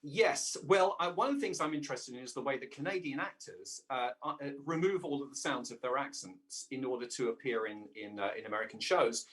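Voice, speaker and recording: This man from England has a mid-range, animated and slightly bright voice. He's a voice actor chatting casually as an interview guest, often stopping and restarting sentences and filling gaps with fillers.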